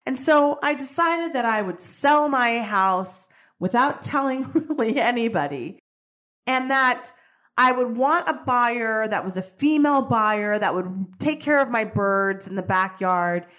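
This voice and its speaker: A woman hosting a podcast, telling a personal story in a chatty, animated way that wanders off on tangents. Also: fairly high pitch, measured pace. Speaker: podcast host.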